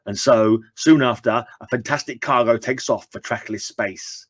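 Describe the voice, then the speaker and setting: A man's voice: mid-range voice, moderate pace, hardly any pauses, husky, no echo. A man reading an old comic book aloud and dropping chatty asides to his viewers. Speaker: comic book reader and channel host.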